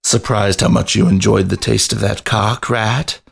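A man's voice: fairly low pitch, little pitch movement, unhurried, creaky, slightly rough, exaggerated voice. A man voicing a cocky, bossy male panther in a storybook reading, speaking in a blunt, matter-of-fact way.

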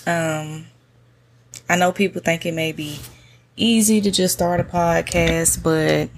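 Solo podcast host, woman, soft monotone, lowish voice, unhurried laid-back slang. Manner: relaxed, slangy, many fillers. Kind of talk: casual solo podcast talk. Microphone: podcast mic on a stand.

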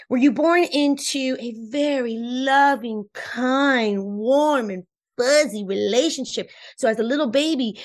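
A woman whose first language is Spanish, a relationship coach explaining ideas in an interview, lively and emphatic, repeating points and laughing often. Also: high voice. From Cuba. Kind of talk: animated explanatory interview talk.

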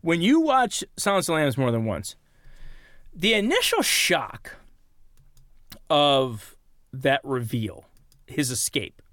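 A man's voice: on the high side, slow, pauses often, no room sound, clean studio sound. A man in his forties, a podcast co-host, eagerly retelling film scenes in casual chat. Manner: animated storyteller, retells scenes with excitement.

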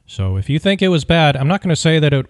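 A man hosts a podcast and tells a story in an opinionated, wry, animated way. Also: fairly high pitch, fast talker, dry recording, clean studio sound. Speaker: podcast host. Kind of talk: casual storytelling.

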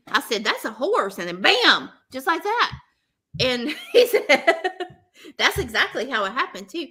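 A woman with a drawl tells a story in casual talk, her pitch rising and falling a lot. Her voice is high and bright, and she voices each person in the story. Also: measured pace, husky. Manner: animated, laughing, acts out both sides of dialogue.

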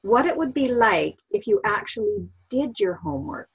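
A woman coach explaining parenting techniques calmly on a podcast, giving examples as she goes. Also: mid-range voice, normal speed, creaky, slightly rough, dull audio. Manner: calm, explanatory, gives examples. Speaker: NLP coach guest. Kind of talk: podcast interview.

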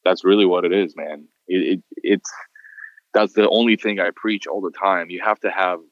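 A man's voice: sits low, moderate pace, no echo, highs cut off. A man who works as a photographer tells stories in a casual podcast chat and acts out the people he quotes. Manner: animated storyteller, acts out quotes.

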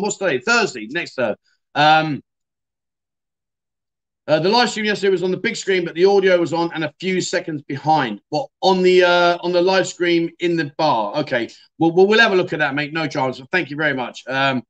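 Middle-aged man, livestream host, slightly high-pitched, casual and chatty with viewers. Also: fairly bright tone. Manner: chatty, self-deprecating, calls viewers mate. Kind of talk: casual livestream chat reading comments.

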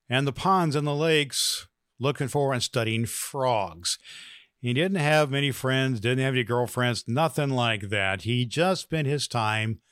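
A man hosting a podcast, earnestly encouraging listeners and telling a slow joke. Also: medium pitch, fairly bright tone, dry recording, studio quality. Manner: earnest, with fillers, slow storytelling. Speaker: podcast host.

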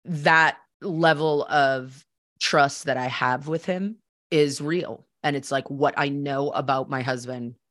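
A woman's voice: very deep voice, steady tone, slow, a bit bright, no room sound, clean studio sound. A woman hosting a personal storytelling podcast, talking candidly and conversationally with frequent fillers. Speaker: podcast host.

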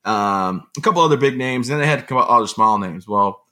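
A man telling stories as an interview guest, in an animated, rambling conversational way. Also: medium pitch. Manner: fast, animated storytelling with rambling asides. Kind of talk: conversational storytelling.

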